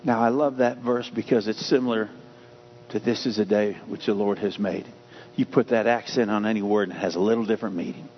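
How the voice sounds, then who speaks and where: A man's voice: on the low side, steady tone, a little fast. A man preaching a sermon, emphatic and repetitive, shifting the stress from word to word. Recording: dull lo-fi sound with faint hum.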